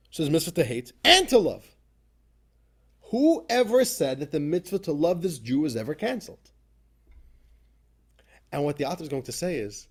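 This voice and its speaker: A male rabbi teaches an animated Torah class in a fairly high voice. He laughs often and bursts into loud, emphatic quotes, repeating words and restarting phrases as he thinks.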